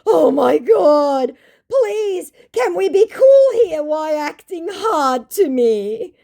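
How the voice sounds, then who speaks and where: A woman voicing an indignant, clueless male online scammer in a pleading, high, stretched-out voice. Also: very animated, takes it slowly, vocal fry, dark tone, full character voice.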